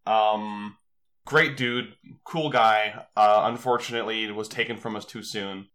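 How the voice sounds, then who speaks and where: A man's voice: fairly low pitch, steady tone, unhurried, fairly bright tone. A man co-hosting a podcast, chatting casually in a rambling, wry way with many fillers. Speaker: podcast co-host. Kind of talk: casual chat.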